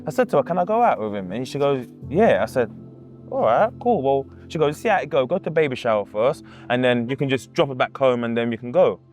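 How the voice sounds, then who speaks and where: A man's voice: medium pitch, lively intonation, fast talker, few pauses, darkish tone. A man tells a painful story from his own life in a casual, loose way. He acts out the people he quotes and keeps coming back to the same words. Faint music plays behind him. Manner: casual, acts out quoted voices, repeats himself. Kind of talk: emotional personal storytelling.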